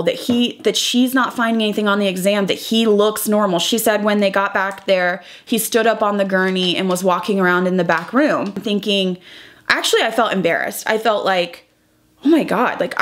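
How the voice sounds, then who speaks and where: A young woman vlogger recounting a painful personal story while doing her makeup, talking in a rambling, emotional way full of "like" and quoted dialogue. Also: mid-range voice. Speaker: beauty vlogger.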